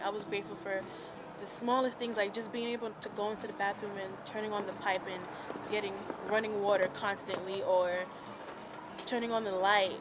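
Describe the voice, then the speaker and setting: A woman's voice: medium pitch, noisy background. A young woman chatting casually and telling of her own experience, full of fillers like "like" and "um". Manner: chatty, lots of "like" and "um". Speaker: interviewee. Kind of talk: casual personal account. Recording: music playing underneath.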